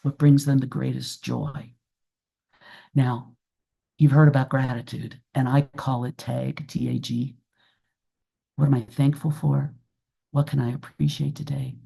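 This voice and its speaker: A woman's voice: extremely low pitch, level tone, measured pace, creaky, pauses often, warm tone, slightly rough. A woman giving an earnest, reflective talk as a guest presenter, repeating her key phrases for emphasis. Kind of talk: webinar talk and Q&A.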